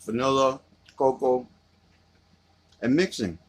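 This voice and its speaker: A man vlogging a cereal mukbang, chatting in playful slang and dropping into low seductive asides to his bowl. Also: slow pace. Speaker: vlogger eating cereal on camera. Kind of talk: casual mukbang vlog.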